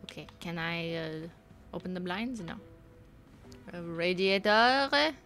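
A woman's voice: lowish voice, moderate pace, faint music behind. A young woman streaming a game live, chatting casually, joking and reading in-game text aloud.

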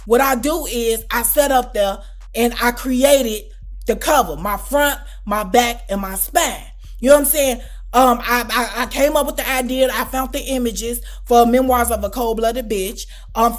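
A woman telling a storytime vlog story in a casual, animated and profane way, often asking her listener whether they follow. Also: a little high. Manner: animated, profane, keeps asking "you know what I'm saying?". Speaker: storytime vlogger.

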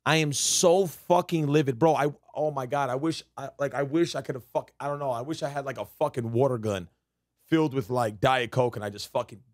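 A man's voice: medium pitch, a little fast, darkish tone, no echo, studio quality. A man streaming a game, ranting heatedly and swearing constantly in casual chat. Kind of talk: casual live-stream rant.

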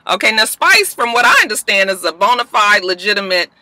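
Sassy bright-voiced woman recapping gossip. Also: medium pitch, big pitch swings, brisk, no echo, rough recording. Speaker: reality TV recap vlogger. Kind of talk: casual episode recap commentary.

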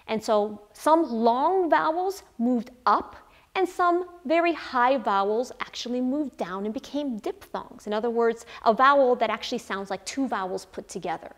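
A woman linguist giving a clear, measured educational explanation. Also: high-pitched.

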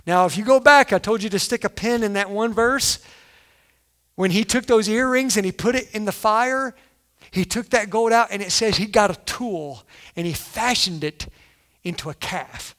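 A man preaching a sermon as pastor, animated, acting out quoted lines and punching key words loudly. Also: sits high, normal speed. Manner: animated, acts out quotes, sudden loud emphasis.

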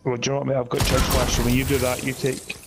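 A man's voice: medium pitch, monotone, very fast. Sweary man on game chat. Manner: sweary, teasing, chatty. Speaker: squad player. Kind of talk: casual gaming voice chat. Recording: clear background noise.

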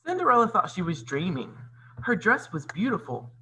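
A man reading a storybook aloud like a teacher, pausing to explain the story. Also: sits high, slight background noise, low-quality recording. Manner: expressive, teacherly. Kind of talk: read-aloud storybook narration with comments.

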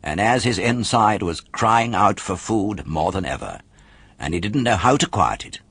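Male audiobook narrator, expressive storyteller, low and husky with a lively pitch range. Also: normal speed, dry recording.

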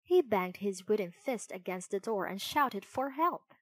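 Slow, clear woman storybook reader. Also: medium pitch, expressive, a little hiss or hum. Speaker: narrator. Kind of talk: storybook reading.

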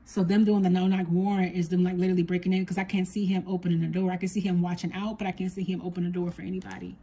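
A woman psychic medium giving a spoken reading to her viewers, talking softly and earnestly as she relays what a spirit tells her. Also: on the low side, level tone, very fast, slightly rough.

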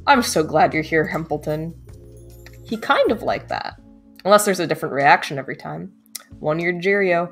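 A young woman with a fairly low voice, goofing around as she plays through a game on stream. She reads each option aloud, jokes about the choices, and keeps up a loose, casual chatter, with faint music under her voice. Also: animated, normal speed, long pauses.

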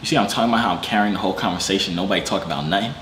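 A man's voice: sits low, rapid-fire, fairly bright tone, a little hiss or hum. Brief: man, casual teasing vlogger, echoey room. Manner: joking, teasing, talks to himself. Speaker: vlogger on a video chat app. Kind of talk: casual video chat commentary.

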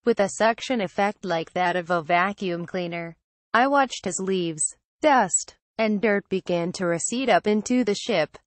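Woman reading a scary story in first person, steady, mid pitch, dry close mic. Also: a little slow, dry recording. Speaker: narrator. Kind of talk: scripted horror story narration.

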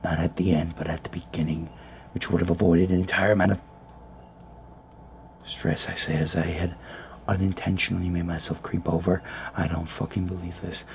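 A man whispering gameplay commentary from a small closet, grumbling and swearing in a hushed voice. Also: low voice, level tone, moderate pace, vocal fry, pauses often. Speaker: let's player. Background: faint background noise.

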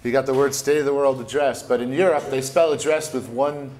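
A man's voice: medium pitch, fairly even intonation, brisk, darkish tone. An American musician, a man, talking casually and swearing in an interview.

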